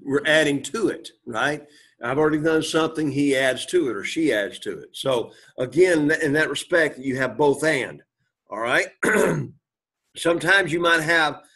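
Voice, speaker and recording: A man teaching a Greek class, reading Greek aloud, translating it and quizzing his students, often clearing his throat. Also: fairly high pitch, bright, forceful tone. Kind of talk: classroom lecture.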